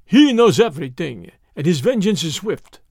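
A man's voice: high-pitched, sing-song, moderate pace, a little mellow, no room sound, clean studio sound, full character voice. A man voicing a frightened, sullen conspirator in an audiobook, pleading and evasive. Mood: fearful. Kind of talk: audiobook character voice.

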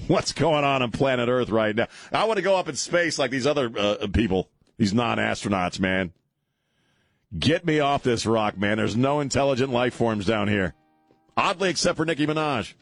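A man's voice: medium pitch, lively intonation, normal speed, creaky, dry recording. A middle-aged man hosting talk radio, rambling and joking, laughing often as he riffs. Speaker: radio talk show host. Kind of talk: casual comedic talk radio.

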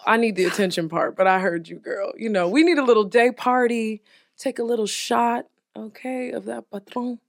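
A woman's voice: on the high side, normal speed, creaky, no echo, studio quality. A woman co-hosting a casual chat, brash and profane, laughing often. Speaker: podcast co-host.

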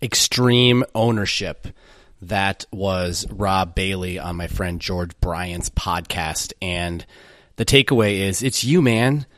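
A man's voice: low-pitched, slow pace, a bit bright, dry recording, studio quality. A man hosting a podcast, talking through ideas in a loose, reflective way and correcting himself as he goes. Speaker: podcast host. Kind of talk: casual solo podcast commentary.

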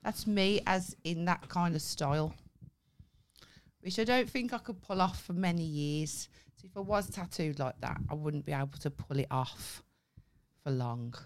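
A young woman with a Birmingham accent, co-hosting a podcast in brash, sweary casual chat. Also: low-pitched. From England. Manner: brash, sweary, quick to laugh. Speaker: podcast co-host.

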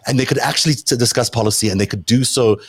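A man's voice: medium pitch, fast talker, husky, no echo. A man hosting a casual political panel chat, talking in a hesitant way with many restarts. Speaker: host.

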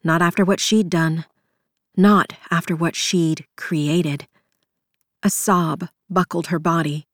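A woman narrating an audiobook in a measured, somber storytelling manner. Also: lowish voice, steady tone, no echo, studio quality. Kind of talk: scripted narration.

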